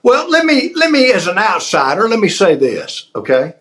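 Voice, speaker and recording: Bright, high man joking. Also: wildly swooping pitch, moderate pace. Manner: jokey, repeats himself. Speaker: co-host, attorney. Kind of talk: casual chat.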